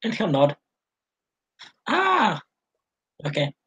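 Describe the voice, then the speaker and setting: A woman's voice: lowish voice, wildly swooping pitch, drawn-out words, fairly bright tone, breathy edge. A woman playing a tabletop game, hesitant and laughing at her own lines. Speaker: player. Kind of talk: tabletop role-play chat.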